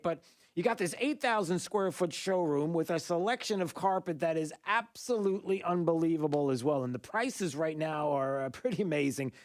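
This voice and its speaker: Chatty male radio host doing a live read. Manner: friendly, chatty pitchman.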